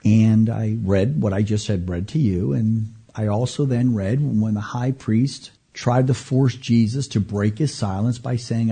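A man, a pastor, teaching the Bible as an animated storyteller who swings from loud emphasis to hushed near-whispers. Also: fairly low pitch, a little slow, breathy edge.

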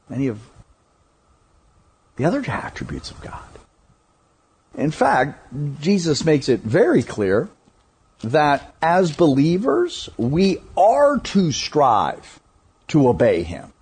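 A man preaching a sermon, emphatic and deliberate, often asking rhetorical questions. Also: medium pitch, a little mellow, breathy edge.

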